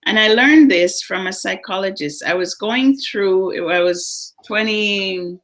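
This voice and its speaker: A middle-aged woman co-hosting a live psychic talk show, telling personal stories in a lively, animated way. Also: medium pitch, measured pace. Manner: storytelling, animated, acts out voices in anecdotes. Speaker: psychic co-host. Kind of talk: casual chat on a live show.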